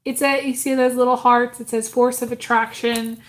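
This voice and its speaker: A woman's voice: on the high side, flat delivery, moderate pace. A woman giving a casual live tarot reading, talking earnestly and from the heart, with many ums and restarts. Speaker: tarot reader.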